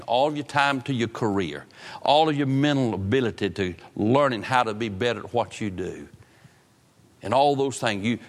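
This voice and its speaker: A man preaching a sermon, swinging from loud outbursts to low, drawn-out phrases. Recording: long hall reverb.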